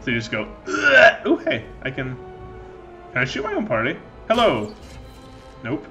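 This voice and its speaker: Male gaming host, bright edge, rambly and jokey commentary, faint game music behind. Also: mid-range voice, wildly swooping pitch, fairly quick, lo-fi sound. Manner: rambling, joking, loses his train of thought. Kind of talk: let's play commentary.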